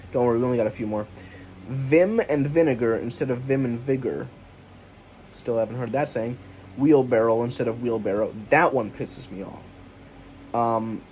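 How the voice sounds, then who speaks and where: Solo at home, a podcast host reads a list aloud and riffs on every item, sarcastic and foul-mouthed, in a casual comedy show. His voice is mid-range and a little mellow, with a lawn mower faintly audible outside.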